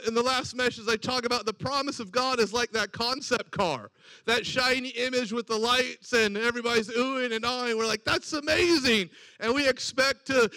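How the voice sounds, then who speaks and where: High bright-voiced male preacher. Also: dry recording. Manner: storytelling with acted-out quoted dialogue. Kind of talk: sermon.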